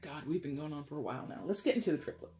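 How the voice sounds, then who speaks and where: A tarot reader giving a casual, chatty reading, animated and jokey. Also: medium pitch, racing.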